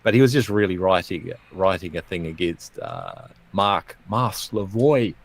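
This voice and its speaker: A man's voice: sits low, huge pitch swings, moderate pace, gravelly. A male co-host talking casually and rambling a little, correcting himself as he goes, before reading a comic rhyming poem. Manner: rambling, self-correcting, chuckles at own jokes.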